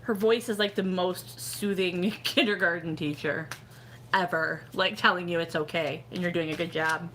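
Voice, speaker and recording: A woman's voice: fairly low pitch, steady tone, normal speed, bright, forceful tone, a little hiss or hum. A middle-aged woman chatting casually on a live stream, rambling with lots of "like" and "you know" as she gives fortune readings.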